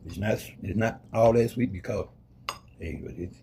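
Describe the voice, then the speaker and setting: A man with a slightly low voice chimes in quietly beside his wife as he tastes her cooking, mostly murmuring agreement. His low-key kitchen chat carries a faint hiss on the recording. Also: normal speed. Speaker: host's husband and taste tester. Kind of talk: casual chat. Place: home kitchen.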